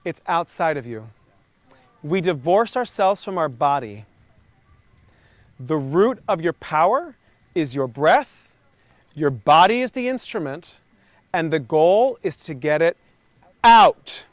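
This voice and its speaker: A man coaching a group outdoors through a vocal warm-up. He is encouraging and energetic, and he calls out sounds loudly. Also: a little high, measured pace, pauses often, no room sound. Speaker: voice and communication coach. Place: outdoors near trees and a lake.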